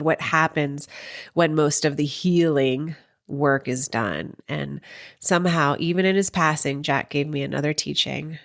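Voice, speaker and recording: A woman in her forties with a low, grounded voice delivers a heartfelt spiritual reflection on her podcast. She speaks tenderly and without hurry, with soft pauses and a tearful edge at times. The sound is close and dry, with no room around it. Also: vocal fry, dry recording. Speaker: podcast host.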